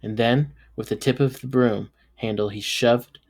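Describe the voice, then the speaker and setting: A man, a teacher, reading a novel aloud and bringing the dialogue to life with sudden jumps in pitch and loudness. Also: measured pace. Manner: lively, voices characters with jumps in pitch and loudness. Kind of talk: read-aloud storytelling.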